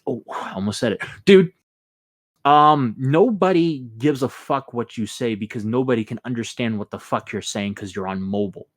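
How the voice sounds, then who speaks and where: A man's voice: mid-range voice, moderate pace. A man hosting a podcast, talking bluntly and with a lot of swearing, sounding exasperated. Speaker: podcast host. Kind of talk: casual podcast chat.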